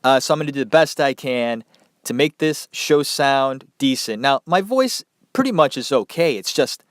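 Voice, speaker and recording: A man's voice: mid-range voice, expressive, moderate pace, no room sound, clean studio sound. A man hosting a podcast, telling a story in a casual, chatty way. He has a nasal voice, stuffed up from a head cold, and talks loosely with swearing and asides. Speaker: podcast host.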